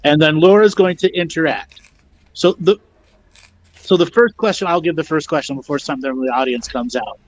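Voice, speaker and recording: A man's voice: fairly high pitch, fairly quick, slight background noise, low-quality recording. A man hosting a spiritual teaching talk, guiding the guests and checking in with "okay?". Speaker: host and teacher.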